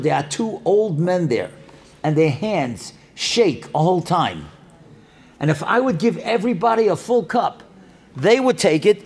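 An older man tells stories at a religious event, acting out each person's lines. His voice sits high for a man and jumps all over the place, rising and dropping with every character he plays. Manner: animated storyteller who acts out dialogue. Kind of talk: storytelling talk.

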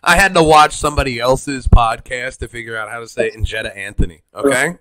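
A man's voice: medium pitch, brisk, crowd noise. A man hosting a podcast in a jokey, offhand casual chat. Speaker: podcast host.

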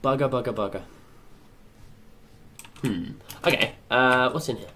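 A young man doing excitable let's play commentary, chattering to himself and swearing often. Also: mid-range voice, a little slow, background noise. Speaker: gaming channel host.

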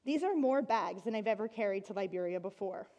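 A woman telling a personal story to an audience, animated and laughing, with bursts of excited shouting. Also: mid-range voice, fairly quick, muffled recording. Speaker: speaker giving a talk.

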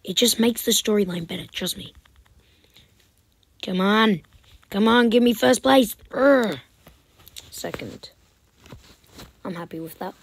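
Woman gamer commentator, husky, slow-talking, loud protests and whispered asides. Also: mid-range voice, no echo. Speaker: gaming commentator. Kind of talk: casual game commentary.

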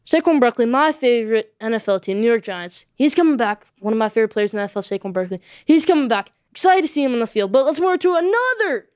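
Woman doing a solo sports podcast, talks super fast, keeps saying okay?, all fired up, dry close sound. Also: fairly high pitch, smooth, no room sound. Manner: emphatic, repeats points with a tag "okay?"; excitable, animated opinions.

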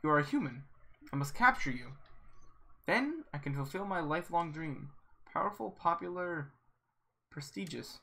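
A man's voice: a little high, animated, normal speed, vocal fry, pauses often, pushed and bright, full character voice. A man reading out the lines of a boastful, goofy male skeleton in a video game, in a grandiose, self-important way. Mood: flustered. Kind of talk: reading game dialogue aloud.

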